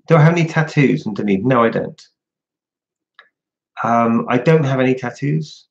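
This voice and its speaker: A man's voice: mid-range voice, gravelly, highs cut off. A man hosting a casual livestream, chatting and answering viewers' questions one by one. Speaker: livestream host.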